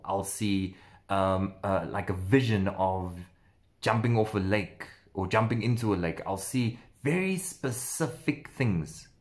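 A man working as an empath who does personal readings tells a story in a casual vlog. He is animated and drops sound words like "boom" between phrases.

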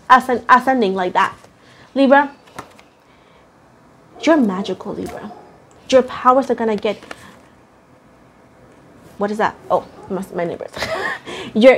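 A woman's voice: a little high, breathy edge. A young woman giving a tarot reading to her viewers, emphatic and repetitive, swearing casually and calling them pet names. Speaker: tarot reader.

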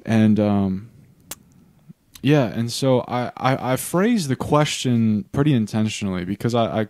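A man's voice: medium pitch, animated, a little slow, a little mellow, no room sound. A young man, a pastor hosting a faith podcast, talking in an earnest, reflective way and restarting often. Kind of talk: casual faith discussion.

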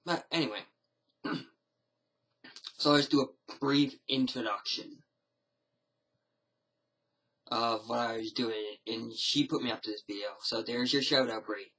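A man's voice: medium pitch, normal speed, sharp tone, slightly rough, poor audio. A man talking casually to his camera in a rambling, hesitant way, often restarting his sentences. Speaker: vlogger. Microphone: camera mic.

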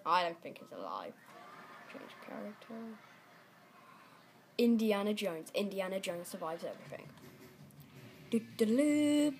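A young woman giving casual, excitable gameplay commentary, shrieking and laughing at on-screen mishaps. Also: mid-range voice. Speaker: gaming channel host.

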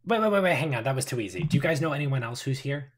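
A man voicing a jumpy, foul-mouthed woman who hides with a knife and fires off shrill, panicky questions. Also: expressive, very fast, slightly rough. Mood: wary.

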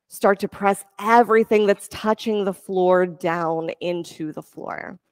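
During a class, a woman yoga instructor offers calm, encouraging cues for breathing and poses. Her voice is medium-pitched, on a dry recording.

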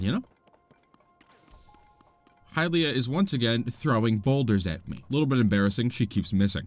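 Young guy playing a video game and joking around, voice all over the place, game music faint under it. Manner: goofy, self-mocking, jumps between loud yelps and low mutters. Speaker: gaming YouTuber. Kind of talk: casual Let's Play commentary.

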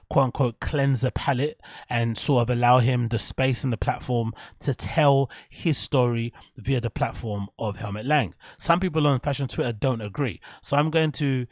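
A man's voice: mid-range voice, dry recording. Rambling, swearing man, dry sound. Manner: swears freely, thinks out loud, trails off. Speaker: fashion podcast host. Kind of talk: casual rambling monologue.

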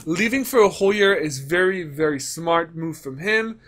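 Brief: male gaming commentator, rants and swears, voice sits fairly high. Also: animated, normal speed, fairly bright tone. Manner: ranting, profane, mocks others in put-on voices. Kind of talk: commentary vlog.

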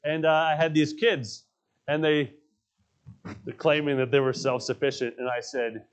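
A man's voice: on the high side, flat delivery, normal speed, smooth. A male pastor preaching a sermon in a church, telling stories with emphasis and repeating his key phrases. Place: church sanctuary.

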